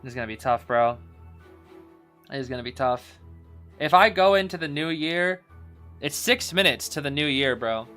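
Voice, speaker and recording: A man casually co-watching an esports final, reacting excitedly and often saying "bro". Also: on the high side, normal speed, pauses often, soft background music. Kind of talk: casual live watch-along commentary.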